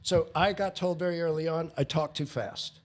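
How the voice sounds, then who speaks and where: A middle-aged man, a veteran comedian, giving blunt, animated advice in a casual podcast interview. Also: moderate pace, a little hiss or hum. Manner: animated, blunt, swings pitch up for emphasis.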